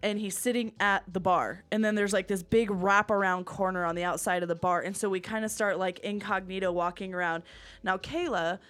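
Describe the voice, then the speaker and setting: A young woman hosts a casual podcast chat. She tells her story in a quick, animated, profanity-laced rush, at a middle pitch for a woman. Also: soft background music. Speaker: podcast host.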